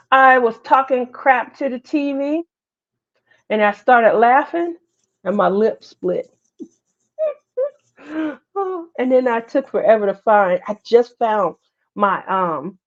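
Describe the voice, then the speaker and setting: Middle-aged woman host, unhurried and chatty, laughs easily, greets viewers; muffled stream audio. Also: medium pitch. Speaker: livestream host. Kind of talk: casual livestream chat. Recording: slightly muffled livestream audio.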